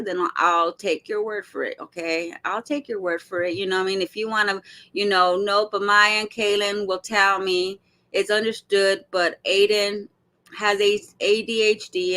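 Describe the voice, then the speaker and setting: A woman hosting casual reaction commentary, talking straight to her viewers in a blunt, animated way and swearing freely. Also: medium pitch. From Arizona. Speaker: commentary host.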